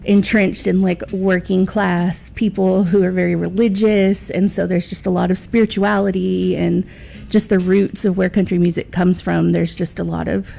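A woman's voice: fairly low pitch, little pitch movement, normal speed, creaky, warm tone, slight background noise. A woman guest on a radio show, chatting with enthusiasm and talking about her own show. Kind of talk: casual radio chat.

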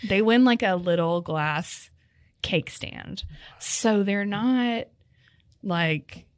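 A woman hosting a podcast in casual chat, full of chatty, animated asides. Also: medium pitch, extremely slow, dry recording. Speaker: podcast host.

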